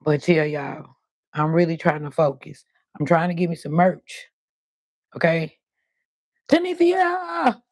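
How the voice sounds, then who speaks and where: Gravelly fifty-something woman live-streaming. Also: sits low, measured pace, no echo. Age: 50s. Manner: chatty, animated storytelling with cussing and quoted voices. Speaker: livestream host. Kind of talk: casual livestream chat.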